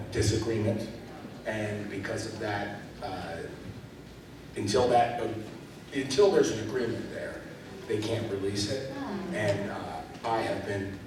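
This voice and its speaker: A male actor with a lowish voice tells casual, filler-heavy stories on a convention panel, wandering as he goes. The recording comes from a distance in a large, echoey hall with a noisy background.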